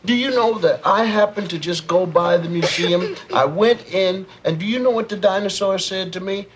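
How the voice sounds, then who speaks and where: A man's voice: high-pitched, normal speed, noisy background, close to an everyday voice. A man playing a clowning, teasing sitcom dad. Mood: joking. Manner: teasing, clowning, mock-serious lecturing. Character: playful joking middle-aged father. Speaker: father in a family sitcom. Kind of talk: sitcom acting before a studio audience. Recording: loud studio audience laughter behind.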